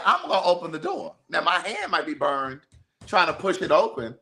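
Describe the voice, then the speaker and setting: A man with a high, bright, ringing voice chats on a podcast. His talk is blunt and animated, full of asides and casual swearing. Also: a little fast. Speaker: podcast host. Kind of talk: casual chat.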